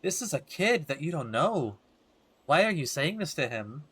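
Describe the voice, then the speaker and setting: A man's voice: a little high, very animated, moderate pace, a bit bright, husky, no room sound. Joking man streaming a game. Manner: joking, irreverent asides. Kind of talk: casual commentary over a game.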